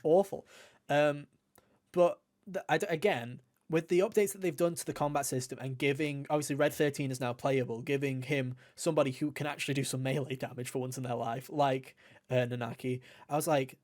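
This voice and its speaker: A man's voice: mid-range voice, steady tone, a little fast, a little mellow. A man co-hosting a casual gaming podcast, blunt and playfully opinionated. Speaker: podcast co-host.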